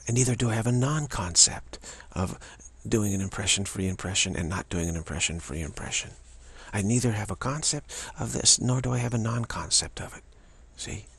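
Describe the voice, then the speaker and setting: A man giving a spiritual practice talk, halting and musing, with frequent restarts and repeated phrases. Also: fairly low pitch, creaky, fairly bright tone, husky. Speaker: spiritual teacher.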